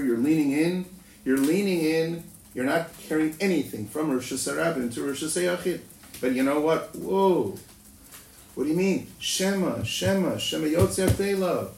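In a creaky voice, a man teaching Talmud lectures animatedly, asking rhetorical questions and tacking a sing-song "no?" onto lots of lines, his pitch jumping without warning. Faint noise and echo come from a room recorded at a distance.

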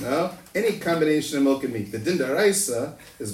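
A man giving an animated Talmud lecture, asking rhetorical questions and tagging many lines with "no?" in a sing-song manner. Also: a little fast, few pauses. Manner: rhetorical questions, often ending with "no?"; sing-song, animated delivery with sudden jumps in pitch. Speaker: Talmud teacher. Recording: echoey room, recorded from a distance, faint noise.

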